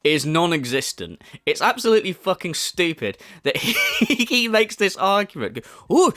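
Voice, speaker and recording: A man in full rant, swearing constantly and dripping with scorn. His pitch swings widely up and down as he mocks his target. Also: sing-song, moderate pace, bright, forceful tone. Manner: scornful, swears heavily, mocking. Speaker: commentary YouTuber. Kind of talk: profane rant commentary.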